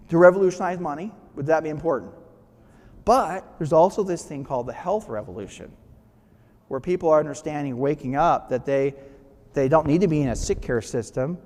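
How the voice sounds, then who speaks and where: A man's voice: fairly high pitch, a little mellow. A man giving a casual motivational talk to a live audience, often checking in with them and restarting phrases. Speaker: guest speaker. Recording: long hall reverb.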